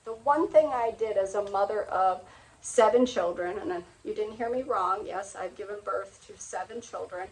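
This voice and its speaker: A woman's voice: mid-range voice, normal speed, low-quality recording. A middle-aged woman hosting a motivational talk, speaking earnestly and sharing personal stories in a confiding way. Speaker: host.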